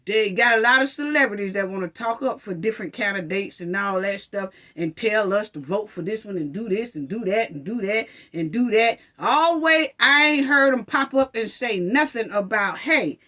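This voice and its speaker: A woman's voice: medium pitch, lively intonation, moderate pace, few pauses, bright, forceful tone. A woman giving passionate, repetitive commentary to her viewers, mocking officials with quoted phrases. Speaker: commentary channel host.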